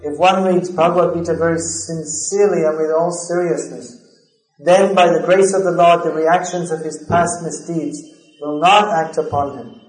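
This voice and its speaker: A man's voice: fairly high pitch, reverberant, low-quality recording. A man giving a scripture class lecture, speaking earnestly and building to emphatic stress, with verses recited in a chanting cadence. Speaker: spiritual lecturer.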